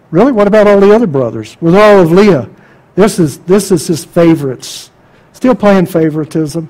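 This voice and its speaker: High-voiced preacher asking pointed questions. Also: male voice, lively intonation, a little fast, low-quality recording. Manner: emphatic, rhetorical questions, swings between loud and quiet. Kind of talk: sermon.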